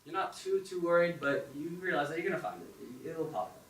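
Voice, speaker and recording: A young man on stage spinning an animated second-person story, slipping into acted inner voices. He is heard from some distance in a roomy, echoing hall, with a faint hum of ambience behind him. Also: a little high, brisk, creaky. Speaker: open mic performer. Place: performance hall with audience.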